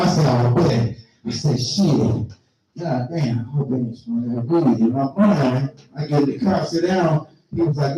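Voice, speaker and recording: Profane stand-up comic in an echoey room. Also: male voice, a little high, expressive, moderate pace, dark tone. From Milwaukee. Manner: profane, rambling storytelling with acted-out quotes. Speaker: stand-up comedian. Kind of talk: stand-up comedy set. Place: live comedy venue. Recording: roomy echo, voice from far off.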